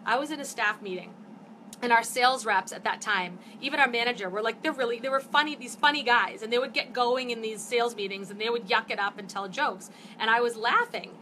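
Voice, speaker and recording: A woman's voice: on the high side, brisk, slight background noise. A woman in her fifties, host of a live stream, talking casually and chattily to viewers and getting fired up as she goes. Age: 50s. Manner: chatty, animated, gets fired up. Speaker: network marketing host. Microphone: phone or webcam for a live stream.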